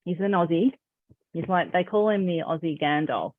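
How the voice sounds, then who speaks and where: A woman's voice: fairly low pitch, normal speed, slight background noise. A woman coach giving an encouraging, emphatic motivational talk over a video call. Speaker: confidence coach. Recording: phone-like narrow sound.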